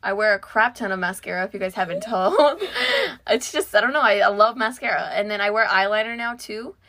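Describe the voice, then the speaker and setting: A woman's voice: medium pitch, brisk, a bit bright. A teenage girl co-hosting a casual podcast, chatting and giggling with many "like" fillers. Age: teens. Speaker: podcast co-host. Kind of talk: casual chat.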